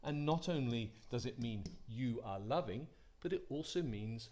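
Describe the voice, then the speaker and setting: A man's voice: medium pitch, expressive, normal speed, darkish tone. A man teaching a Latin lesson, patient and repetitive, inviting listeners to say the forms aloud with him. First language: English. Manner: patient, repeats phrases for pupils to say aloud. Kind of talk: classroom-style lesson.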